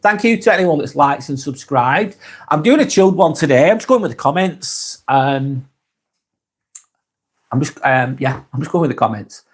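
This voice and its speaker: A man hosting a live stream, reading viewers' comments aloud and chatting back in a relaxed, easygoing way. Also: fairly high pitch, moderate pace. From England. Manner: laid-back, chatty, trails off softly at phrase ends.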